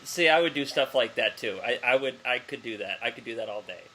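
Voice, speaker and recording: A man's voice: mid-range voice, animated, fairly quick, pushed and bright. A man interviewing a guest in casual chat, joking and laughing often. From German heritage. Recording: faint hiss behind the voice.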